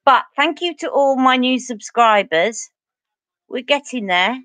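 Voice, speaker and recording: A woman's voice: high-pitched, lively intonation, unhurried, fairly bright tone, no echo. A Cockney woman from East London, a beauty vlogger chatting casually and rambling through stories while doing her makeup on a livestream.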